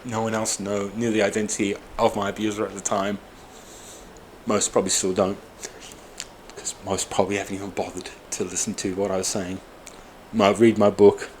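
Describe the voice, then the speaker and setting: A man in his forties with a somewhat low voice delivers a raw personal monologue to camera. He sounds upset and worn out, bitter and angry, swearing often. Faint noise sits behind him. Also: little pitch movement, normal speed, long pauses. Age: 40s. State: upset and exhausted. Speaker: vlogger.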